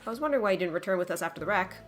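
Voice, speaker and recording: A woman voicing a curious, blunt swordswoman in a video game, quick and prying. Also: mid-range voice, lively intonation, soft background music, close to an everyday voice.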